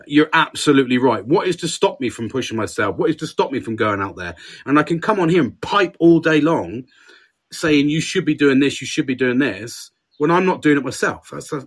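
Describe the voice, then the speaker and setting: A male podcast co-host swears through casual banter, candid and self-deprecating. His voice is medium in pitch, a bit bright and husky.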